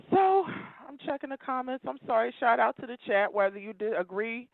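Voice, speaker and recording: On a tinny, dry phone line, a woman caller to a talk show delivers an impassioned rant, preaching fiercely and emotionally and repeating phrases for emphasis. Her voice is fairly high and gravelly, with lively intonation, normal speed, and no echo.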